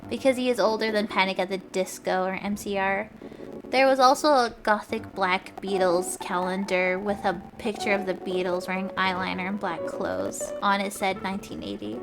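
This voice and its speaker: A woman streamer reading a story aloud for laughs, shouting the quoted lines over the top and breaking off for wry asides. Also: mid-range voice, steady tone, normal speed. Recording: clear background music under voice. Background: background music.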